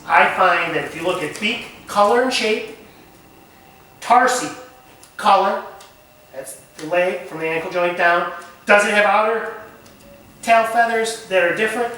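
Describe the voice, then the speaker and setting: A man teaching a camp nature lesson, animated and asking the group questions. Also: sits high, slight background noise. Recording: echoey room recorded from far off.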